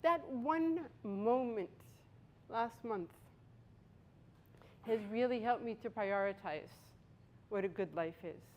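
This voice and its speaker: A woman's voice: medium pitch, lo-fi sound. Bostonian woman giving a speech. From Boston, USA. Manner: storytelling, emphatic pauses. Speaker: Toastmasters speaker. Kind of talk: prepared speech.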